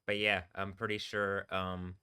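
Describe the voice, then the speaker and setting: A man's voice: sits low, flat delivery, measured pace, sharp tone, clean tone. A man rambling and swearing on a live stream, often breaking into laughter. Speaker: livestreaming DJ.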